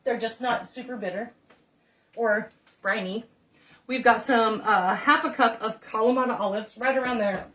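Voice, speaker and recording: A middle-aged woman with a slightly high, somewhat bright voice cooks in her home kitchen, telling rambling stories straight to her viewers at a moderate pace. It's a chatty cooking vlog, picked up on a distant mic.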